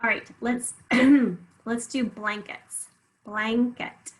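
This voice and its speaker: A woman's voice: a little high, steady tone, very slow, rough recording. A woman teaching a spelling lesson, patiently sounding words out syllable by syllable and encouraging the listener.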